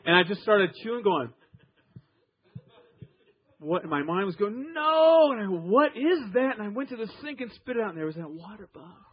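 A man preaching a sermon, grew up in Iowa, telling stories with emphatic swings from loud to soft. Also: high voice, expressive, brisk, long pauses, breathy edge, dull audio. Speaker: pastor.

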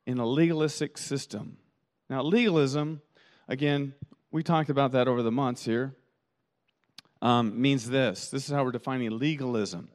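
A middle-aged man preaching a sermon as pastor, building from calm teaching to animated rhetorical questions. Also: moderate pace. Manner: rising to animated, high-pitched rhetorical questions.

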